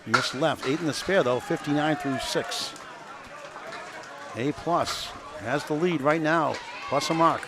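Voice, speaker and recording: A man calling bowling play by play, brisk, reeling off scores and pin counts. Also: fairly high pitch, noisy background. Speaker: commentator. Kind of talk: live play-by-play commentary.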